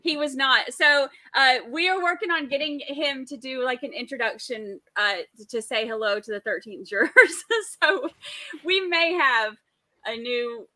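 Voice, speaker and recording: A woman's voice: high-pitched, a little slow, pushed and bright, no echo. A woman co-hosting a casual true-crime chat, often exasperated and laughing. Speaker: co-host.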